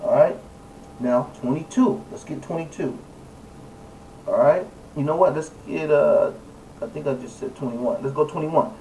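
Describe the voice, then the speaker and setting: Leading a Bible study, a man reads verses aloud and then comments on them emphatically, stressing and repeating key words. His voice is fairly high and warm at a normal pace, picked up by a distant mic with faint background noise.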